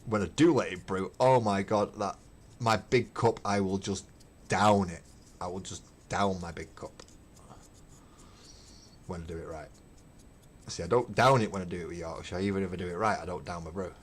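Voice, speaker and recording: A middle-aged man paints on his hobby livestream and chats casually, ranting emphatically with strong opinions and swearing. He has a low voice and moderate pace, takes long pauses, and there's a little hiss or hum.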